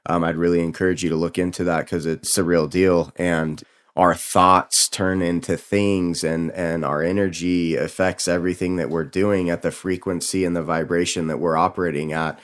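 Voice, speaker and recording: A man hosting his own motivational podcast, talking casually and candidly, swearing now and then. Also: low voice. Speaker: podcast host. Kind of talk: solo motivational podcast talk.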